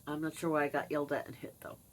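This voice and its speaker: A woman's voice: deep voice, steady tone, rapid-fire, slight background noise. A middle-aged woman talking candidly to camera about her childhood and her pets, reflective and confiding. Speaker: vlogger. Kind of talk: candid personal monologue.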